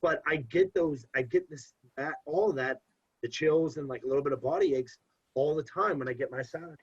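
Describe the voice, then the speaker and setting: A man's voice: on the high side, a little fast, husky. A young man, a podcast guest, telling a story casually and acting out the dialogue, on dull lo-fi audio. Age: young adult. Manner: animated, quotes others in dialogue.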